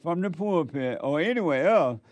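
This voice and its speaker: A preacher from Alabama, chatting casually and asking quizzical, teasing questions. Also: male voice, on the high side, expressive, normal speed, darkish tone, no echo. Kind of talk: casual conversation.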